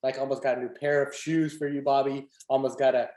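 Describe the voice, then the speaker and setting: A man's voice: medium pitch, fast talker, echoey room. A man hosting a podcast in casual chat, telling stories with animation and acting out quotes. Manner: animated storytelling, acts out quotes with laughter. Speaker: podcast host.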